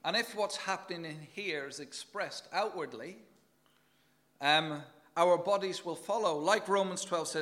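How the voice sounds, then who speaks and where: A man's voice: high-pitched, unhurried, a bit bright. A man preaching a sermon in an earnest, emphatic way, often repeating words as he goes.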